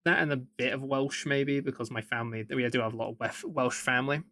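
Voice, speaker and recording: A man's voice: mid-range voice, fairly even intonation, brisk, pushed and bright, no room sound, clean studio sound. A man with an English Midlands accent chatting casually and rambling while he draws on a live stream, chuckling often. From England. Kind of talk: casual chat while drawing.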